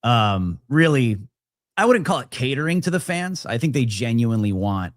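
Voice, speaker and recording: A man chatting as a guest on a casual podcast, excited and rambling with many restarts. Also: medium pitch, moderate pace, no echo, studio quality.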